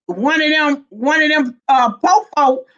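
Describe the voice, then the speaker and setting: A woman's voice: high-pitched, unhurried, a bit bright, dull audio. A woman hosting a casual livestream, laughing often as she greets viewers by name and reads their comments. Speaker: livestream host.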